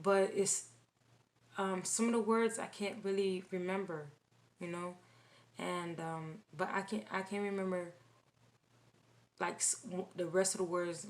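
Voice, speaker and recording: Slow, halting woman recounting a dream. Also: on the low side. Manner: halting, repeats phrases, many restarts. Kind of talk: casual spoken testimony.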